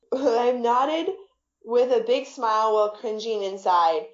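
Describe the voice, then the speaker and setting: A woman's voice: on the high side, slow, echoey room, dull audio. A woman author reading her own first-person novel aloud in a wry, lightly comic way.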